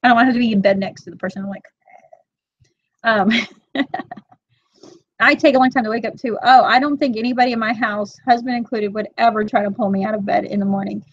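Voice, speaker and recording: A woman in her thirties chatting casually to her live-stream viewers, animated and quick to act out her own side of a story. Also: on the high side, no echo, muffled recording. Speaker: vlog host reading live chat.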